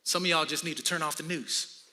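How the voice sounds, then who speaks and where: A man in his fifties delivers a sermon, his voice pitched high for a man and strikingly bright and forceful. He preaches with humor and tells stories straight to his congregation. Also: fairly quick. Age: 50s. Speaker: pastor.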